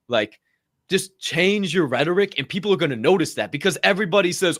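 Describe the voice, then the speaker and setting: A man co-hosting a podcast, talking in an animated, profane, emphatic way. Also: a little high, fast, no room sound, clean studio sound. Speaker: podcast co-host. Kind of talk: casual podcast chat.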